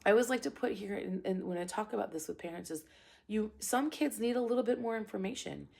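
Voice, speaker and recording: Husky, gravelly karate instructor woman. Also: mid-range voice, fast. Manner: calm, direct and emphatic, with repeated phrases. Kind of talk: parenting advice talk.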